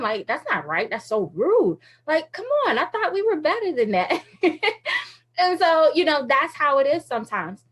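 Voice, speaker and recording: A woman radio host telling a faith story in a casual, animated way, with lots of fillers and frequent laughter. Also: a little high, moderate pace. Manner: uses many fillers like "like" and "you know".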